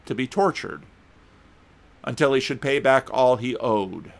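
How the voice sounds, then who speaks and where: A man's voice: medium pitch, a little slow, a bit bright. A man giving a conversational sermon, reading scripture aloud and breaking off for wry, casual asides, with occasional stumbles and restarts. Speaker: preacher.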